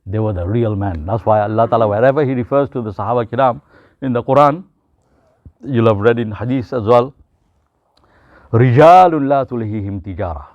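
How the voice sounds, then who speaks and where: British Muslim preacher, dry muffled sound. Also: male voice, mid-range voice, rapid-fire, no room sound. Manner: storytelling with acted quotes, mixing English with Gujarati and Urdu phrases. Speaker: Islamic preacher. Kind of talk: informal religious talk to a group. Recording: dull, muffled, dry recording.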